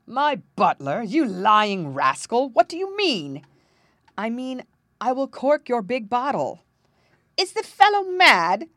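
A woman's voice: a little high, a little slow, dry recording, studio quality, pitched above the performer's own voice, lightly acted. A woman voicing a hot-tempered, pompous old king in a storybook reading, blustering and bellowing. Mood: raging.

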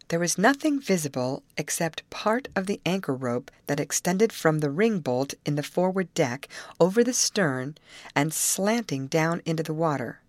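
A woman narrates a storybook chapter in a lowish voice that moves up and down with plenty of expression. The recording is close and dry, with no room sound. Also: expressive, moderate pace, no room sound. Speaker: audiobook reader. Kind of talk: scripted narration.

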